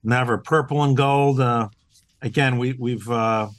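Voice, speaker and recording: A man's voice: mid-range voice, fairly even intonation, a little slow, dry recording, studio quality. A man being interviewed as a team owner, speaking with earnest enthusiasm and filling his sentences with "uh" and restarts. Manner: upbeat and earnest, with many "uh" fillers and restarts. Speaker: team owner, podcast guest. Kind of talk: casual interview conversation.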